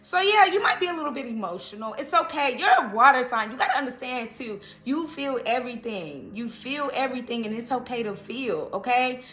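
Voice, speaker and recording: A woman's voice: fairly high pitch, lively intonation, fairly quick, hardly any pauses, bright, forceful tone. A woman giving a casual tarot reading, chatty and laughing often, checking in with the listener. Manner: chatty, laughs often, keeps asking "okay?". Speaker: tarot reader. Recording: roomy echo.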